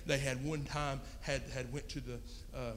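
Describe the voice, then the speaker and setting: A man's voice: medium pitch, flat delivery, moderate pace, a little hiss or hum. A man preaching a sermon, telling a story in a folksy, plain-spoken way. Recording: long reverb in a hall.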